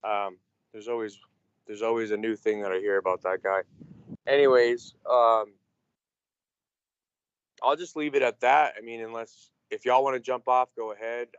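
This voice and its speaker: A man's voice: lowish voice, clean tone, dry recording, highs cut off. A man calling into a casual show, talking in a defensive, rambling way with heavy swearing. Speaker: caller. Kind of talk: casual call-in chat.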